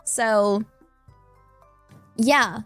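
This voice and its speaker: A woman's voice: a little high, very slow, clear, resonant tone, no echo, soft background music. A playful, giggly woman with a West Country English accent, chatting casually with her live-stream audience. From England. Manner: playful, giggly, thanks chat in Japanese.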